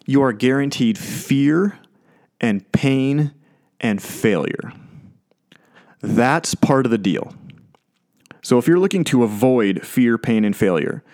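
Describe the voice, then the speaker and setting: A man's voice: mid-range voice, lively intonation, takes it slowly, pauses often, darkish tone. A man preaching a sermon in a conversational way, acting out quoted lines and chuckling often. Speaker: pastor.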